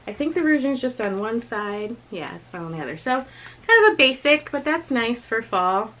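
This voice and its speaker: A woman's voice: on the high side, big pitch swings, normal speed, fairly bright tone, rough recording. A young woman chatting casually through a clothing unboxing and try-on, giggling often and talking to herself as she goes. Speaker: vlogger reviewing a clothing box.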